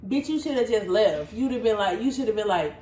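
A woman's voice: mid-range voice, lively intonation, fairly quick, echoey room, noisy background. A woman co-hosting a casual podcast, blunt, profane and mocking, a little tipsy. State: tipsy, hiccuping. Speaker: podcast co-host. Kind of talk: casual chat.

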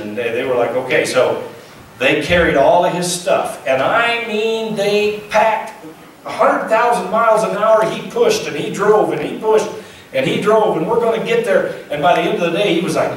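Pastor guy preaching, kinda high voice, homey way of talking, lots of echo, faint room noise. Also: normal speed. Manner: folksy, conversational preaching with rhetorical questions. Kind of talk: sermon. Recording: echoey church sound from a distant mic.

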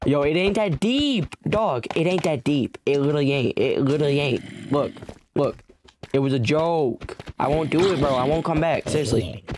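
A man's voice: fairly high pitch, normal speed, noisy background. Frantic pleading young man gaming. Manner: frantic, pleading and bargaining with in-game mobs. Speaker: gamer. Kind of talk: let's play commentary.

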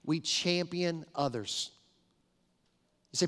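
Middle-aged man, pastor, on a live mic; emphatic, conversational preaching; somewhat higher voice; long sanctuary reverb. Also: moderate pace. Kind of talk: sermon. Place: large church sanctuary.

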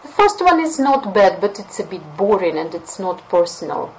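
A woman with a Russian accent teaches English in a webinar. Her voice sits at a middle pitch and she brightens when she acts out sample phrases. A faint noise floor runs under the recording. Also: moderate pace, low-quality recording. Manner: lively, with playful acted examples. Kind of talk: webinar lesson.

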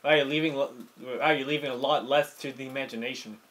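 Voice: mid-range voice, fairly even intonation, fast, a bit bright. A co-host in a comic read-along, dropping dry interjections.

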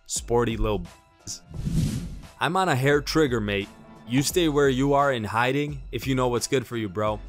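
A man narrating sports news in a steady, scripted read-aloud delivery. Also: medium pitch, moderate pace, soft background music.

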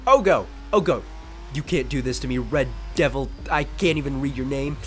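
A young man at home giving jokey, excitable let's-play commentary, often shouting at the game. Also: medium pitch, moderate pace, faint music behind. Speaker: gaming channel host. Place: his room at home.

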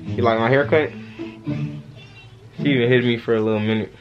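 A man's voice: mid-range voice, steady tone, fairly quick, dull audio, music in the background. A young man casually vlogging at home, playfully teasing and talking to his toddler in slangy speech. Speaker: vlogger dad. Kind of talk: casual family vlog. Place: home bedroom.

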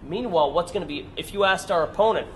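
A man's voice: high voice, fast talker, slight background noise. A man giving a persuasive workshop lecture, asking his audience rhetorical questions and repeating points for emphasis. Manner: emphatic repetition. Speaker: workshop presenter.

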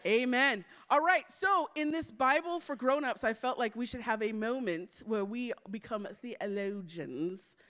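A woman preaching a sermon to a congregation in an animated, playful way, joking with the crowd and dropping to a soft, hushed voice in prayer. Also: on the high side, unhurried, hardly any pauses. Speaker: church speaker.

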